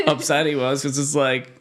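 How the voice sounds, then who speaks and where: A man's voice: fairly high pitch, huge pitch swings, a little slow, fairly bright tone. A man co-hosting a podcast, telling a customer service story in casual chat with laughs along the way. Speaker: podcast co-host.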